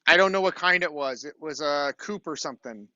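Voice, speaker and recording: Chatty man lecturing, bright voice. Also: on the high side, fairly quick, no echo, muffled recording. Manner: chatty storytelling, frequent "okay?" check-ins. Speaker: university lecturer. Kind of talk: classroom lecture with anecdote. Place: classroom.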